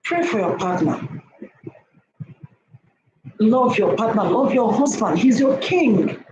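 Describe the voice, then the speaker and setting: Taking her time, a woman with an expressive, slightly high voice preaches to women about relationships. She stresses her points, circles back to them repeatedly, and keeps checking with listeners via "okay?", while the echoey room adds faint noise.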